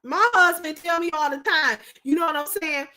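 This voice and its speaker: Woman on a live stream, high voice, bright and sharp, preachy and keeps repeating herself. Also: normal speed. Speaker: livestream host. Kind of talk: casual livestream talk.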